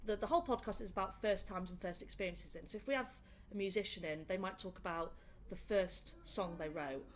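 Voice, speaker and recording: A young woman with a Northern English accent, a comedian chatting in a casual interview and telling animated, laughing stories. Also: medium pitch, a little fast, slight background noise. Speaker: comedian guest. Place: indoor room.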